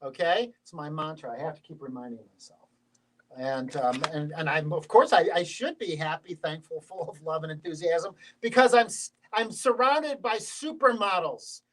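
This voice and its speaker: A man's voice: fairly high pitch, moderate pace, rough recording. A man hosting a casual show, joking around and teasing himself and his guests. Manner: jokey, self-deprecating, animated. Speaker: show host. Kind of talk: casual studio chat.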